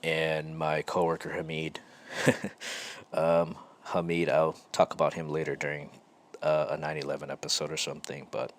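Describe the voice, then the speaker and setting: A man hosting his own show, telling a personal story in a slow, halting and reflective way with frequent pauses. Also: extremely low pitch, completely flat delivery. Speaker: podcast host.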